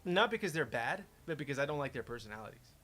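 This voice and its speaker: A man's voice: on the high side, big pitch swings, fast, bright, forceful tone. A man, a game developer, chatting casually and rambling as he plays his own game, often interrupting himself. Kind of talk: casual gameplay commentary.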